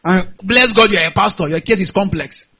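High-pitched Nigerian pastor preaching. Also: male voice, brisk, highs cut off, slight background noise. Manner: animated preaching, frequent hallelujahs. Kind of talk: sermon.

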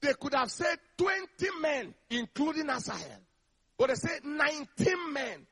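A man preaching an energetic sermon, emphatic and calling for responses from the congregation. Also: very high voice, moderate pace.

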